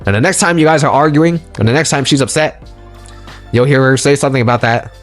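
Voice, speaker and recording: A man delivers an audio lecture in an emphatic, preachy way and drives each point home by repeating it. His voice sits at an ordinary pitch for a man. Soft music plays faintly behind him. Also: fast talker. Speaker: lecturer on relationships.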